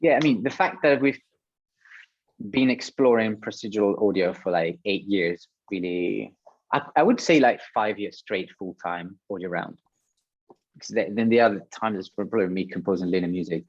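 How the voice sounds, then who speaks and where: A man's voice: on the low side, moderate pace, no echo, dull audio. A man, a guest sound designer, talking casually on a panel, hesitant with many fillers and restarts.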